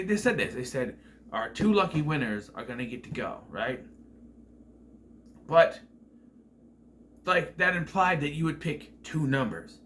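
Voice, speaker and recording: A man's voice: fairly high pitch, fairly bright tone, slight background noise. A man giving a casual spoken movie review, exasperated and swearing often. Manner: exasperated, profane ranting.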